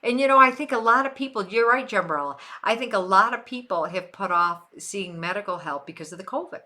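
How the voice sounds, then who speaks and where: A woman's voice: medium pitch, lively intonation, fairly quick, bright, forceful tone. An older woman from Western New York hosting a livestream, chatting casually with viewers and repeating phrases for emphasis. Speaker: livestream host. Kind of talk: casual chat answering viewers.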